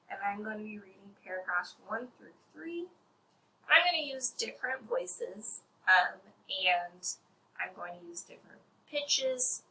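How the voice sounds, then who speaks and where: Bright, gravelly teacher explaining to kids. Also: female voice, medium pitch, rough recording. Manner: friendly, demonstrates voices while explaining. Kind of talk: reading lesson for children.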